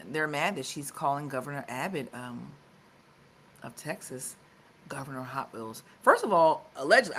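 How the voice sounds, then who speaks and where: A woman's voice: low voice, vocal fry, a bit bright, slight background noise. A woman co-hosting a live talk show, chatting casually with lots of fillers and restarts. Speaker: co-host.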